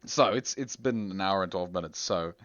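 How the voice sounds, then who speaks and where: A man's voice: deep voice, normal speed, a bit bright, no echo. Rambling, self-amused man gaming. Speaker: gameplay video host. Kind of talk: casual let's-play commentary. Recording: dull lo-fi audio with faint game music.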